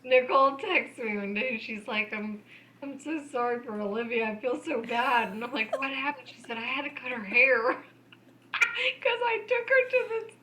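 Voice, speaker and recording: A woman's voice: fairly high pitch, animated, moderate pace, crowd noise, poor audio. A woman co-hosting a casual chat podcast, teasing and laughing as she reacts to stories. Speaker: podcast co-host.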